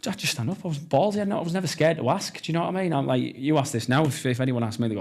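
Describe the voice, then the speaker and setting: Fast-talking, brash North East English man. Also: medium pitch, a little mellow. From North East England. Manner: blunt, brash, swears freely, enthusiastic. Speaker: podcast guest, entrepreneur. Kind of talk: casual storytelling interview.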